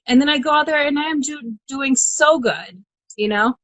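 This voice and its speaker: Lively woman telling stories, laughing often. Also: high voice, normal speed, no echo, poor audio. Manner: animated storyteller, acts out her own inner dialogue, laughs often. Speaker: monster truck driver guest. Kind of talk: casual interview chat. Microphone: video call.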